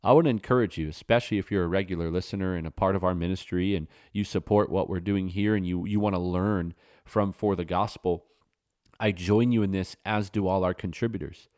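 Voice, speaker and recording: Earnest low-voiced male preacher, dry sound. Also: steady tone, brisk, darkish tone, no room sound. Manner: earnest, emphatic, with sudden rises in pitch. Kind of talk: sermon-style teaching.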